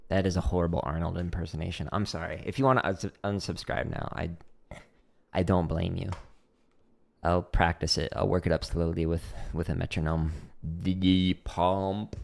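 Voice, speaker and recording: Gravelly low-voiced man, lively chatter. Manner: chatty, self-deprecating, explains step by step. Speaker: drumming livestream host. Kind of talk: casual livestream chat while practicing.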